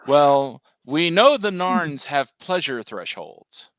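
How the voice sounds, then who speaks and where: A man co-hosting a casual chat, making wry deadpan quips. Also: fairly high pitch, slow pace. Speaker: podcast co-host.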